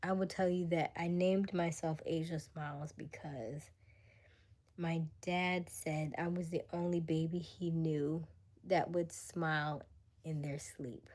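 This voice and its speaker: A woman's voice: sits low, fairly even intonation, slow, a little mellow. A young woman hosting a casual live stream, chatting with viewers, laughing often and slipping into whispery asides. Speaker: livestream host.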